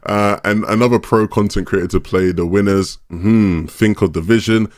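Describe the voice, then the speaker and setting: A man's voice: lowish voice, fairly even intonation, moderate pace, dry recording. A man co-hosting a gaming podcast, reading viewer comments and teasing his co-hosts in dry banter. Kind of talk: casual chat.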